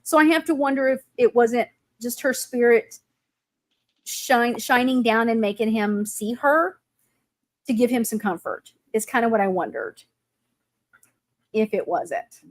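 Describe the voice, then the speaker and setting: Animated storytelling woman host. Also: fairly high pitch, unhurried, long pauses. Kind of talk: casual chat.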